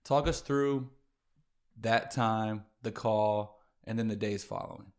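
A man hosting a podcast, asking gentle, attentive follow-up questions. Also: lowish voice, steady tone, slow. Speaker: podcast host. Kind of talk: interviewing.

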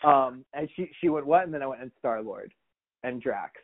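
A man's voice: medium pitch, moderate pace. A man hosting a podcast, chatting casually and telling stories with lots of restarts and quoted back-and-forth. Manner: rambling storyteller, many restarts and quoted voices. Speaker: podcast host. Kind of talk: casual chat. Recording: tinny phone-like sound.

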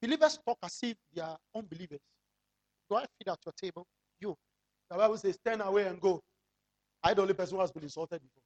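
A pastor preaching a sermon, firing rhetorical questions at the congregation and drawing out key phrases slowly for emphasis. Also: mid-range voice, lively intonation, darkish tone, highs cut off.

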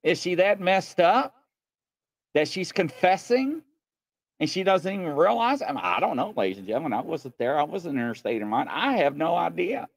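A man's voice: on the high side, big pitch swings, moderate pace, gravelly, no room sound. Incredulous man co-hosting true crime. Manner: incredulous, questioning.

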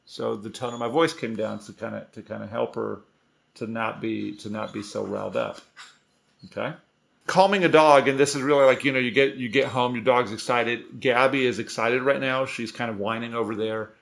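A man with a gravelly, mid-pitched voice explains dog training in an easygoing way. His talk is loose and conversational, full of restarts and asides. He sounds like a trainer coaching owners. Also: moderate pace. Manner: relaxed, conversational, many restarts. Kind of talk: casual instructional talk.

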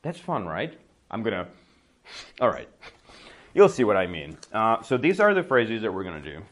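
A man's voice: on the low side, huge pitch swings, moderate pace. A man teaching a conversational English lesson, telling a story casually and acting out what people mutter. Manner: storytelling, acts out mumbling voices, laughs often; bilingual, switches to Czech to explain.

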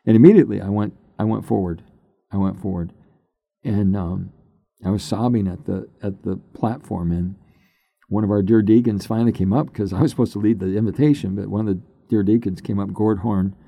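An older man, a pastor, telling his personal testimony in an unhurried, halting way that turns emotional at times. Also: lowish voice, vocal fry, warm tone, breathy edge, no room sound, studio quality. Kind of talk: personal testimony, conversational storytelling.

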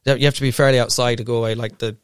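A man's voice: medium pitch, level tone, very fast, clean tone, no echo, clean studio sound. A young Irish man in casual chat, rambling and swearing freely as he tells stories. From Ireland.

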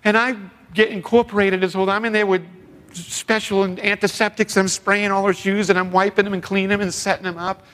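A man's voice: high voice, level tone, fairly quick, a bit bright. A middle-aged man, a former youth pastor, tells heartfelt stories at a men's seminar and acts out other people's lines. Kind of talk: storytelling sermon. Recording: long reverb of a large hall.

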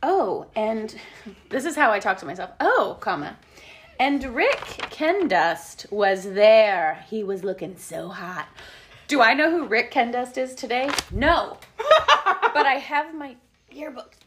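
Giggly woman in her late 30s, bouncy up-and-down voice, reads her old diary out loud, bit of faint hiss. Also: fairly high pitch, slow. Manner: giggly, animated, spells words out. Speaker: podcast host. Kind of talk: casual chat, reading old diary aloud.

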